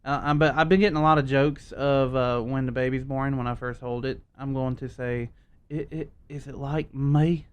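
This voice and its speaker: A man's voice: mid-range voice, flat delivery, a little fast, few pauses, clean tone. A young man co-hosting a podcast, rambling through casual chat, swearing freely and laughing at himself. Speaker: podcast co-host.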